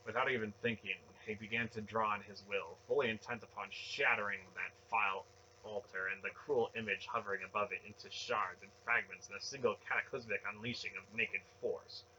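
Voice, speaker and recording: A man reading a fantasy novel aloud with steady, dramatic narration. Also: on the low side, lo-fi sound, a little hiss or hum. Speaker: audiobook reader.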